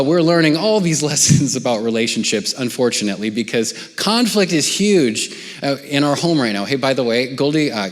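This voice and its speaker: A middle-aged man giving a conversational church sermon as the pastor, often dropping to a soft near-whisper. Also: medium pitch, long reverb tail. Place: church auditorium.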